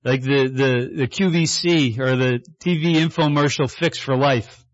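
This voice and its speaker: A man preaching a sermon as pastor, in a conversational style that acts out quotes and builds to excited shouts. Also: medium pitch, unhurried, highs cut off.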